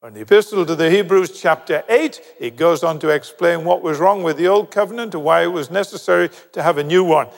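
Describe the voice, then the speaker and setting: An older man preaching a sermon, animated, acting out conversations as he tells the story. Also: fairly high pitch, brisk, gravelly, few pauses. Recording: long reverb of a large hall.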